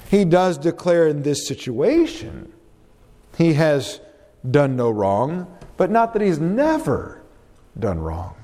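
A man preaching a sermon and reading scripture aloud, slow and deliberate, with dramatic pauses. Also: a little high, a little mellow. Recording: long reverb of a large hall.

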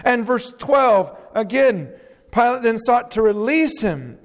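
A man's voice: extremely high pitch, lively intonation, takes it slowly, in a large hall. A male pastor preaching an expository sermon, reading scripture verses aloud and explaining them with emphasis.

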